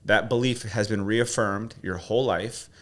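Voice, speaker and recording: A man with a fairly low voice leads a coaching talk. He presses with short questions and then tells a heartfelt personal story. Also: steady tone, moderate pace. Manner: probing, then emotional storytelling. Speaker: guest coach.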